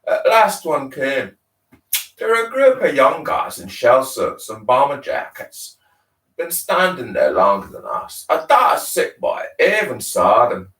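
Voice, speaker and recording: Man reading a novel aloud with lively delivery. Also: medium pitch, unhurried. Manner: expressive, voicing characters in dialect. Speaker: reader. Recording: roomy, distant mic.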